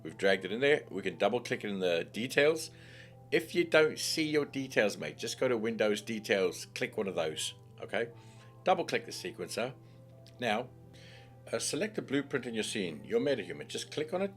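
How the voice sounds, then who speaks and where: A man hosting a software tutorial in a chatty, playful way, full of jokey asides and calling the viewer mate and love. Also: mid-range voice, very animated, moderate pace, faint music behind. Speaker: tutorial host. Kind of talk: screen-recorded software tutorial.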